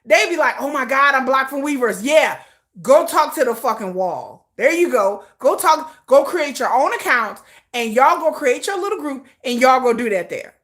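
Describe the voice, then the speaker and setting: Here the same kind of speaker, a middle-aged woman from the US, runs a livestream and goes on an emphatic, profane, repetitive rant. She speaks at a moderate pace in a high voice that rises and falls widely.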